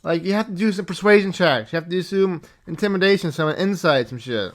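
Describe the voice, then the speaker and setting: Guy recapping the d&d game he ran, kinda high voice, rambly and swears a lot, does quick little voices for everyone. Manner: rambling, swears freely, acts out players and characters in quick asides. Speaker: game master recounting a session. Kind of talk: casual storytelling recap.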